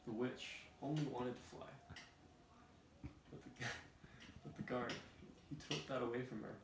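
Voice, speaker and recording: A man hosting a comedy show, reading a storybook aloud in a mock-solemn, deadpan way with fake emotional asides. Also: mid-range voice, a little slow. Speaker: host. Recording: roomy, distant, noisy room.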